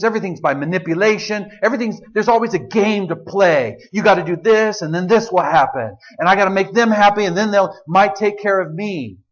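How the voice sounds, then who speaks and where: Conversational preacher man with a high voice. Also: muffled recording. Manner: conversational preaching, shifts into quoted voices of God. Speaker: pastor. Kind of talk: sermon.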